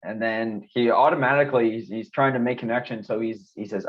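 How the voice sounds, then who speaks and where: A man casually discussing a TV episode as co-host, relaxed with chuckling asides. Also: medium pitch, brisk. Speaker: podcast co-host. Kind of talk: casual TV recap chat. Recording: dull lo-fi sound.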